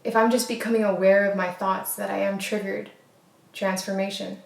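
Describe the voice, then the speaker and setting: A woman's voice: medium pitch, little pitch movement, moderate pace, gravelly. A woman hosting a casual motivational wellness talk, speaking earnestly with frequent fillers and repeated phrases. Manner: earnest, repetitive, filler-heavy. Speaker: wellness host. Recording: echoey room.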